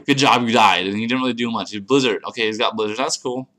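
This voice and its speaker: A man casually narrating his own online game battle, crude, profane and excitable, grumbling at his opponent. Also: mid-range voice, fast.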